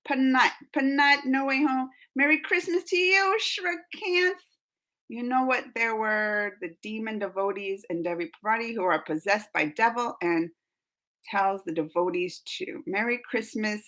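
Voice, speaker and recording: A young woman with a high, bright voice chats through a live stream, reading viewer comments aloud. She is excitable and laughs often, breaking into squeals of enthusiasm. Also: a little slow. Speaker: streamer hosting a live chat.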